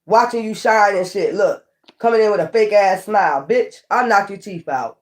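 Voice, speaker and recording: High-voiced man in a profane rant. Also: normal speed, background noise. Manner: profane, confrontational, repeats taunts; dismissive, calls critics weirdos. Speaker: tarot reader. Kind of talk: unscripted tarot channel rant.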